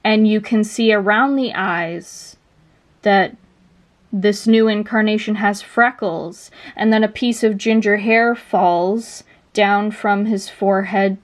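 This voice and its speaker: Slow, chatty woman pitching a story idea. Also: fairly even intonation. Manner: loose and chatty, many fillers. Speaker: video essayist.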